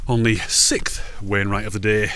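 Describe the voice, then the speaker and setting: A man's voice: on the low side, level tone, moderate pace, bright, forceful tone, clean tone. Chatty man hiking. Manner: chatty, jokey, rambling asides. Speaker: hiking vlogger. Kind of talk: casual walking commentary. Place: outdoors on a mountain ridge.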